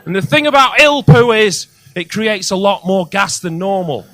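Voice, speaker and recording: Man, stand-up comedian, high voice, sweary, shouty punchlines. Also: lively intonation, normal speed, a little hiss or hum. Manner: loud, sweary, building to shouts.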